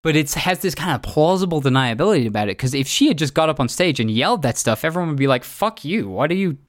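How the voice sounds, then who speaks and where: A man's voice: fairly high pitch, expressive, fast, dry recording. Dry-voiced man telling a rambling story. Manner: rambling, reflective, many fillers and restarts. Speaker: podcast host. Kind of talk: casual storytelling monologue.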